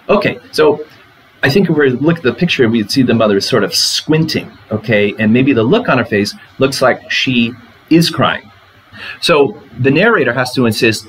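A man's voice: mid-range voice, expressive, normal speed, fairly bright tone, slight background noise, low-quality recording. A man lecturing on a poem, talking through it line by line and asking the class rhetorical questions. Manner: conversational, asks rhetorical questions. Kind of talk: literature lecture.

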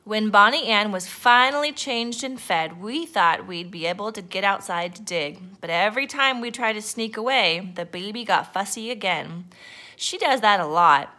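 A woman teacher reading a picture book aloud to children, lively and expressive. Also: mid-range voice, moderate pace.

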